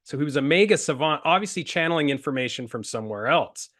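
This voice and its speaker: A man from Utah who is a guest on a panel, telling a relaxed anecdote with drawn-out phrases and fillers. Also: fairly high pitch. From Utah, USA. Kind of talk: casual discussion, anecdote.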